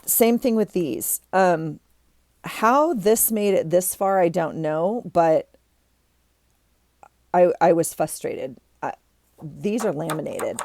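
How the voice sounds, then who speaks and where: Chatty woman with a gravelly voice. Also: fairly low pitch, lively intonation, takes it slowly, pauses often, darkish tone, no room sound. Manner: rambling, chatty, many ums and restarts. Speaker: vlogger. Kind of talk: casual chat while tidying a desk.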